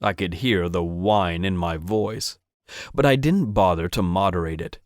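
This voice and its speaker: A man narrates a first-person romance audiobook with intimate, steady storytelling. His voice sits fairly low. The recording is dry and close, with no room sound. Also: a little slow, no echo.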